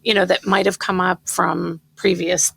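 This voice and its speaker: A middle-aged woman co-hosting a casual medical podcast, chatty and quick to laugh. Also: lowish voice, little pitch movement, gravelly, fairly bright tone, breathy edge, no echo. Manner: chatty, laughs easily, reads testimonials aloud. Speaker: podcast co-host.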